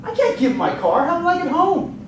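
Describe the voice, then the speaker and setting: A man giving a dramatic storytelling speech at a contest, telling it with vivid, expressive delivery. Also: extremely high pitch, quick pace. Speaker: contest speaker. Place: contest hall stage. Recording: echoey hall, distant mic, noisy.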